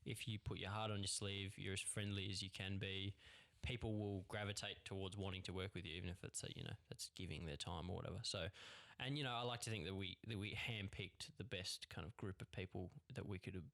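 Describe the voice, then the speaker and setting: A young Australian filmmaker chatting on a podcast in an easygoing, agreeable way. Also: male voice, deep voice, fairly even intonation, a little fast, creaky, hardly any pauses, a bit bright. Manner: easygoing, agreeable, lots of yeps. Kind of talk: casual podcast chat.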